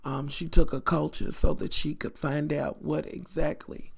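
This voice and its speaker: Woman, middle-aged, vlogger; heavy vocal fry, colorful cussing, talks straight to her viewers. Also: low-pitched, measured pace. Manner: animated, profane, addresses viewers as y'all. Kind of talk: storytime vlog.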